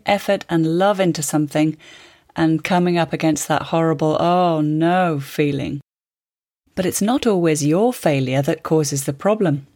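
A podcast host with a low, grounded voice. She narrates in a wry, conversational way. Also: darkish tone, no room sound, clean studio sound. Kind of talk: scripted narration and interview.

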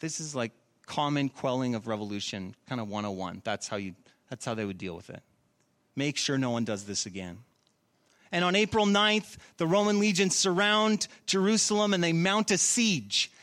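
A man preaching a sermon, animated and repeating phrases for emphasis. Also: medium pitch, moderate pace. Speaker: pastor.

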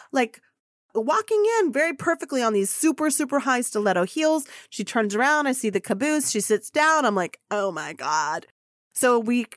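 A woman hosting a podcast, telling a personal story in an excitable, gushing way and swearing casually. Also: on the high side, no room sound, clean studio sound. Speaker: podcast host.

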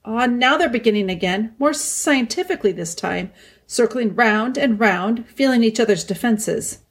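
A woman's voice: on the high side, animated, normal speed, slightly rough. A woman voicing a loyal young prince who talks tensely and eagerly.

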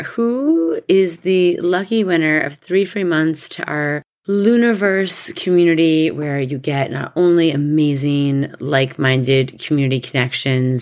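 Low gravelly-voiced woman podcast host. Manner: chatty, rambling tangents, laughs often. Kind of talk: casual podcast chat.

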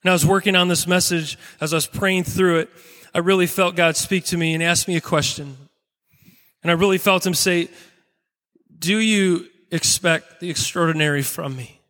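A pastor preaching a sermon, telling a personal story earnestly with dramatic pauses. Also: male voice, sits high, steady tone, fairly bright tone, long reverb tail.

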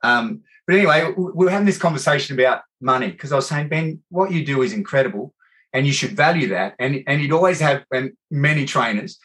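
An Australian man hosting a casual podcast chat. He tells animated, rambling stories and calls people "mate" often. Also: mid-range voice, fairly quick. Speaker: podcast host.

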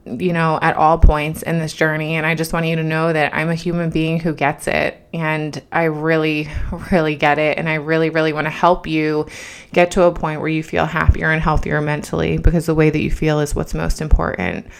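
Earnest low-voiced woman giving a pep talk. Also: completely flat delivery, normal speed, creaky, clear, resonant tone. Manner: earnest, emphatic, repeats phrases for emphasis. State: emotional, has been crying. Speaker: podcast host.

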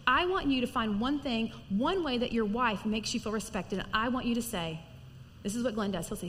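A middle-aged woman preaching a sermon in a church, earnest and conversational, sometimes dropping to a soft near-whisper. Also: a little high, a little fast. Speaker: pastor's wife preaching. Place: large church hall. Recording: long hall reverb, faint noise.

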